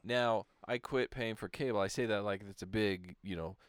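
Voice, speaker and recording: A man co-hosts a podcast in casual conversation, easygoing and agreeable, laughing often. His lowish voice is clear and resonant at a normal speed. The studio sound is clean, with no room sound.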